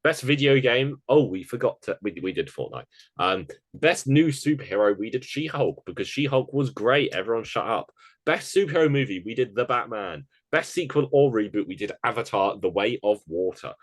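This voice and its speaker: A man's voice: medium pitch, lively intonation, no echo. A man co-hosting a casual podcast chat, rattling off a list of award picks. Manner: chatty, running through award picks in quick lists. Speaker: podcast co-host.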